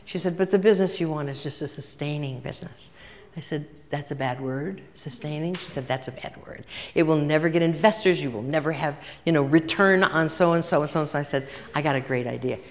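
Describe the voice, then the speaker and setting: A woman's voice: deep voice, brisk. An older woman giving a chatty workshop talk to a live audience, telling stories and acting out both sides of conversations. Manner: chatty storytelling, acts out dialogue. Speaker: workshop speaker. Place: large hall with audience. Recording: long reverb of a hall.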